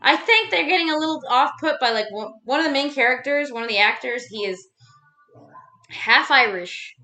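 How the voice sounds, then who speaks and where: A woman's voice: sits high, normal speed, soft background music. A young woman vlogging at home, ranting casually with plenty of swearing and fillers. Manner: rambling, swears freely, animated ranting with fillers. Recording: roomy echo.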